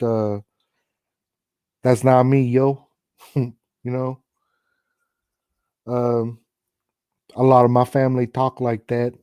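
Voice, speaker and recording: A man's voice: medium pitch, warm tone, clean tone, no room sound, clean studio sound. A man from Chicago hosting a paranormal livestream, chatting casually and laid-back with viewers and calling on spirits. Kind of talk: casual live chat.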